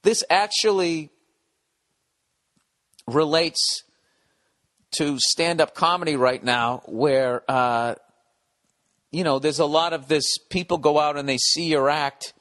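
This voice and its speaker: A man's voice: on the high side, slow pace, long pauses, fairly bright tone. A man hosting a comedy podcast, rambling through a listener email with profane, sardonic asides. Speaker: podcast host. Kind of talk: comedic solo podcast rant.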